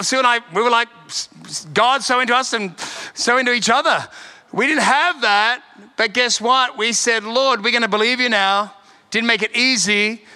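A man's voice: sits high, pushed and bright. A man preaching a sermon as pastor, exhorting with emphatic repetition and laughing between points. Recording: preaching over clear instrumental music.

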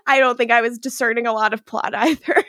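A woman's voice: a little high, steady tone, fast, pushed and bright, no echo, clean studio sound. A woman co-hosting a casual podcast, laughing often and acting out the characters' lines. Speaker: podcast co-host. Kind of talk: casual rewatch podcast chat.

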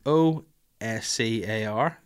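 A man's voice: lowish voice, slow, clear, resonant tone. A middle-aged man chatting casually and playfully, laughing often and swearing as he answers viewer comments. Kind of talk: casual live chat.

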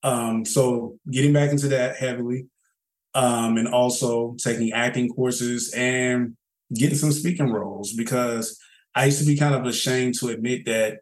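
A young man from North Carolina with a Southern accent, a podcast guest talking in a relaxed, rambling, slangy way. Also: mid-range voice, normal speed. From Charlotte, North Carolina. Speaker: guest, background actor and photographer. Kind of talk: casual podcast interview. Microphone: phone call. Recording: roomy phone call.

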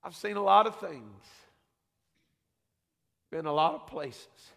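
A man preaching a fervent sermon as senior pastor, building up to shouts. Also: on the high side, vocal fry. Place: church sanctuary. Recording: long church reverb.

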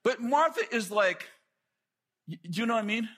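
Man preaching, high voice, husky edge, animated storytelling, sermon. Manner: animated storytelling with quick asides.

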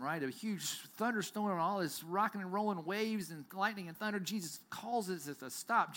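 A man preaching a sermon as pastor, telling stories with big swings from loud to near-whisper. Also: on the high side. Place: church.

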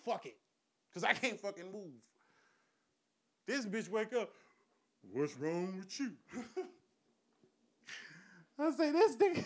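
A man's voice: fairly high pitch, fairly bright tone. A man telling a crude, profane story in a loose conversational monologue, laughing often.

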